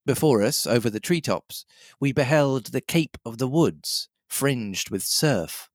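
A man co-hosting a casual podcast, reading a novel aloud in a measured storytelling way. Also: mid-range voice, animated, no echo, studio quality. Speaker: podcast co-host and reader.

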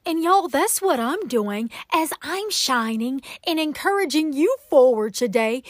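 With no room sound in the recording, this Southern-accented podcast host from Atlanta, Georgia speaks in a high, expressive voice at a measured pace, barely pausing. Her inspirational prayer show is emphatic and uplifting, sprinkled with plenty of "y'all" and "come on."

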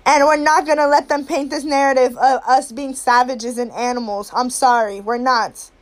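A woman's voice: high-pitched, fairly even intonation, normal speed. A young woman speaking straight to camera, blunt and profane, heated and weary by turns. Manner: blunt, heated and profane, swinging between anger and weary sorrow. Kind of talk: impassioned monologue to camera.

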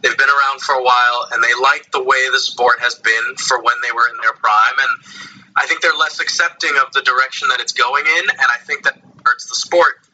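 A man's voice: mid-range voice, steady tone, moderate pace, bright, forceful tone, breathy edge, low-quality recording. A man who lifts competitively, a guest on a casual podcast, explaining things earnestly at length with fillers.

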